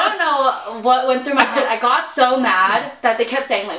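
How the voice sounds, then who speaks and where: A young woman with a fairly high voice talks casually while she eats. She tells stories in a chatty way, acting out the quotes and laughing often. Her voice bounces around an echoey room. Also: normal speed, few pauses, bright, forceful tone, slight background noise. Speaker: vlog host. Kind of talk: casual chat while eating.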